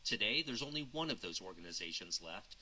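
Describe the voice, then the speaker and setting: A man speaking calmly and earnestly as a dog trainer in a clip. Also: lowish voice, fairly quick, rough recording. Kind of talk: calm spoken commentary.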